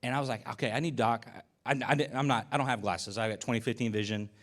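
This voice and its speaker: A man's voice: medium pitch, steady tone, fast, a bit bright. A man preaching a conversational sermon as pastor, telling stories in a casual, folksy way with asides and acted-out dialogue. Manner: uses y'all and folksy speech.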